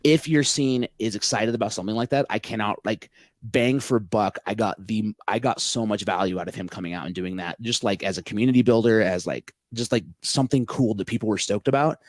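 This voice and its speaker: A man's voice: lowish voice, a little fast, no echo, studio quality. A man telling a long story in a casual podcast chat, rambling with lots of filler words and swearing freely. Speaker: podcast guest, local event organizer.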